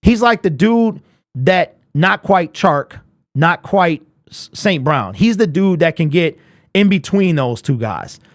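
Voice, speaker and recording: A young man hosting a casual sports fan live stream, animated and chatty, answering viewers in chat. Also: on the high side, takes it slowly, no echo, clean studio sound. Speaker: host of a fan livestream.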